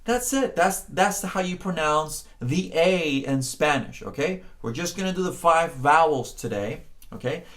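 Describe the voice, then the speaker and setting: A man teaching a Spanish pronunciation lesson, encouraging the learner, often checking in with "okay?", and drawing out words slowly to model them. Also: fairly high pitch, animated, fairly bright tone. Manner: slow, drawn-out words when modeling sounds. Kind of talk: spoken language lesson.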